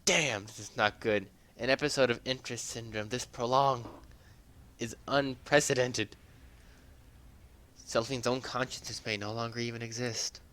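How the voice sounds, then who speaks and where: A man voicing a capable young woman scout who speaks briskly and matter-of-factly. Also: medium pitch, fairly even intonation, pushed and bright, close to an everyday voice. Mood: tense.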